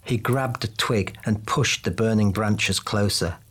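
A man narrating a fantasy audiobook in a steady, even way. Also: fairly low pitch, a little slow, husky.

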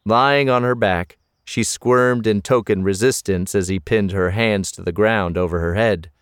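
Low-voiced man narrating a story. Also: smooth, no room sound, studio quality. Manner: measured storytelling. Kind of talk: audiobook narration.

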